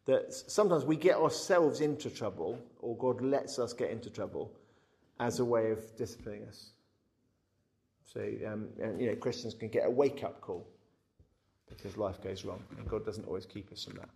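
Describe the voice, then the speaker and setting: A man giving a conversational Bible teaching, frank and lively, often repeating his words as he talks. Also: lowish voice, moderate pace, creaky. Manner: frank, animated, repeats words, acts out quotes.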